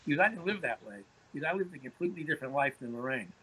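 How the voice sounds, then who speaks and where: A man's voice: fairly high pitch, lively intonation, racing, fairly bright tone, slight background noise, poor audio. A man, a podcast guest telling anecdotes in conversation, often repeating words as he starts phrases. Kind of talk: storytelling in conversation.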